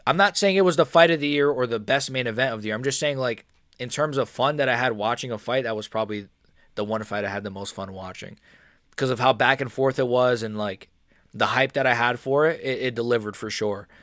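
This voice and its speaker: A man hosting a casual live stream, chatting with viewers in a loose, rambling way. His sentences are full of fillers and restarts. His voice sits at an ordinary middle pitch and sounds dry and close, with no room echo. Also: fairly quick, a bit bright. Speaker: livestream host reading chat.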